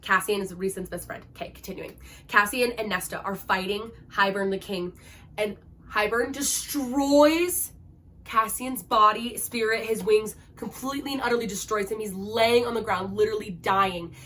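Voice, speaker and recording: Young woman fangirling over books, super emotional, lots of likes and ums, normal pitch. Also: steady tone, moderate pace, a bit bright, slight background noise. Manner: gushing and emotional, full of fillers, dramatic. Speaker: book reviewer. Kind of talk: casual chat about books.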